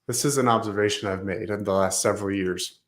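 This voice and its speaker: A man's voice: lowish voice, steady tone, fast talker. A man speaking as a guest on a business talk show, telling a story with emphatic repetition. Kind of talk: storytelling in conversation.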